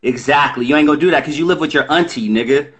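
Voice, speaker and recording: A man's voice: fairly high pitch, quick pace, fairly bright tone, husky, dull audio. A man hosting a live show, mocking and taunting a caller relentlessly in a heated trash-talk exchange. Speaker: livestream host. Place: home at night.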